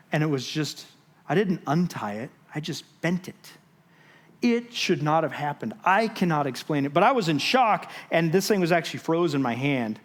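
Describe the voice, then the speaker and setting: Man preacher, slightly high voice, storytelling sermon, dramatic pauses, swings loud to hushed. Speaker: guest speaker. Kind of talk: sermon testimony. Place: church stage.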